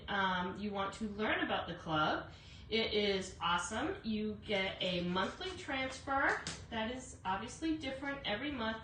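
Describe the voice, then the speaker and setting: A woman's voice: fairly high pitch, fairly bright tone. A woman hosting a casual live craft demo, chatty, greeting viewers by name with lots of fillers. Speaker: craft livestream host. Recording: echoey room, voice from a distance, faint noise.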